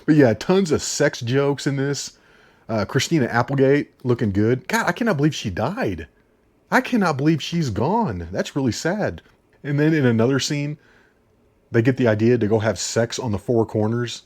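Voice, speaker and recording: A man chats about films in a loose, rambling way. He repeats himself, chuckles as he goes, and keeps his voice at an everyday middle pitch. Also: expressive, normal speed, a little mellow. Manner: chatty, laughs often, repeats himself. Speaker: movie reviewer. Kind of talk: casual rambling movie review.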